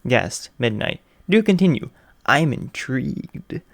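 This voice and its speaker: A man's voice: mid-range voice, sing-song, takes it slowly, fairly bright tone, no room sound, studio quality, full character voice. A man voicing a gushing, flirtatious adult heroine who squeals and dotes. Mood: doting. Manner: squealing, doting, teasing.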